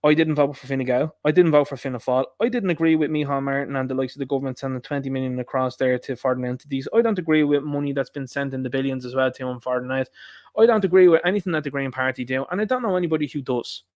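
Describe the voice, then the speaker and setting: A man's voice: mid-range voice, quick pace, darkish tone, no room sound, studio quality. A man with an Irish accent hosting a live stream, ranting indignantly through a political monologue full of rhetorical questions.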